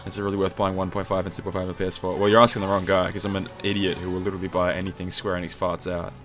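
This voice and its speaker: A man's voice: low-pitched, level tone, rapid-fire, a bit bright. A man chatting casually while streaming a game, joking at his own expense. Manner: chatty, self-deprecating banter. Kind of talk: casual gaming stream chat. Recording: game music underneath.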